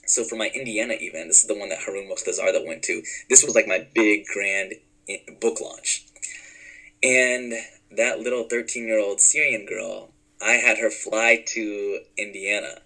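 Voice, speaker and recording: A man with a rather low voice and a bright, forceful edge narrates a story in conversation. He tells it with animation and slips into the voices of the people in it. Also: moderate pace, rough recording. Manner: animated, acts out dialogue in the story. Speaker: guest storyteller.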